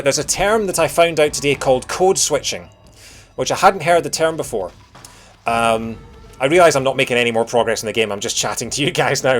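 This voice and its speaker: A young Scottish man chats while playing a game, rambling and jokey and quick to poke fun at himself. His voice sits in a mid range, with faint music underneath. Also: mid-range voice. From Scotland. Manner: rambling, jokey, self-deprecating, chatty. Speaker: game streamer. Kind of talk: casual let's-play chat.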